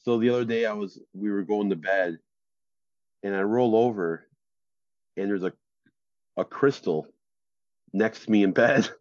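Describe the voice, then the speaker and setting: Low-voiced rambling man, dull mic. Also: a little slow, pauses often, a little mellow, no echo. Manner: rambling storyteller, many fillers and laughs. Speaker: podcast co-host. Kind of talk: casual chat.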